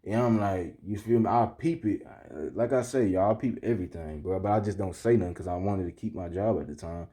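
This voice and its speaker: Young guy ranting on his vlog, low mellow voice, lots of slang, keeps going "you feel me". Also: brisk, few pauses. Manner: slangy, keeps asking "you feel me", heated when retelling. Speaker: vlogger. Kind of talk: casual storytelling to camera.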